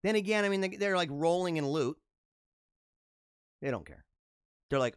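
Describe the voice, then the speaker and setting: A man's voice: fairly high pitch, lively intonation, unhurried, pauses often, no room sound, studio quality. A man in his forties hosting a casual solo show, reacting to memes with jokey, chuckling asides. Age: 40s. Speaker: podcast host.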